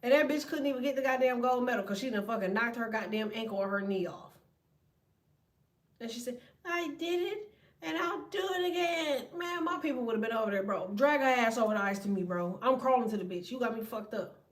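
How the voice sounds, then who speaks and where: This tarot reader and vlogger in her thirties has a high voice and a quick pace, and she sits a little back from the microphone, recorded from a distance. She rants casually to viewers in a loose run of stories and jabs, blunt and heavy with cursing, pushing the storytelling along with energy.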